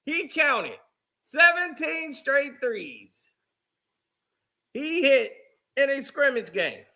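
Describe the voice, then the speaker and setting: A man's voice: very high-pitched, big pitch swings, very slow, bright, forceful tone. A man commentating on a clip, mocking the speaker in a theatrical way. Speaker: online commentator reacting to a clip. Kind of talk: reaction commentary.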